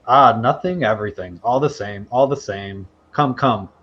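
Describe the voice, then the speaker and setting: A man's voice: fairly low pitch, moderate pace, dull audio, close to an everyday voice. A man voicing an eccentric old female stargazer who rambles cryptically and repeats herself. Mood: cryptic.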